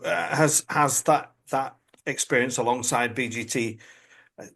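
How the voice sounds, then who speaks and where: A man hosting a podcast as a priest, asking gentle, rambling interview questions. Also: medium pitch, a little slow, vocal fry.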